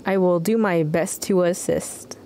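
A woman's voice: fairly low pitch, unhurried, mellow, a little hiss or hum. A woman voicing a quirky, theatrical male traveling doctor with a sing-song lilt for a video game. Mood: playful.

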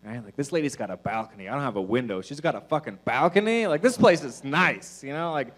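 Male stand-up comic, mid-pitched voice, loose and profane, meandering with fillers, on a club stage. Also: lively intonation, quick pace. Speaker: stand-up comedian. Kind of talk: stand-up comedy set.

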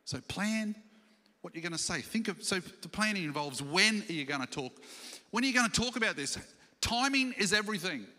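A man preaching a sermon as senior pastor, animated and questioning the congregation, acting out scripture stories. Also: high-pitched, a little fast. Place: church hall. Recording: church livestream with long hall reverb.

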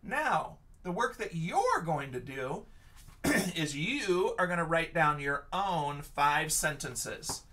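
A man teaching young children in a video lesson, speaking slowly and with a bright tone. His pitch swings a lot as he stretches out letters and praises his listeners, and he stays patient throughout. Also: animated, recorded from a distance. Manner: patient, encouraging, sounds out words letter by letter.

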